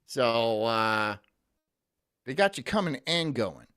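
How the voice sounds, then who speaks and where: A man's voice: medium pitch, very animated, slow, fairly bright tone, smooth. A man streaming, ranting profanely and reading chat messages aloud in casual commentary.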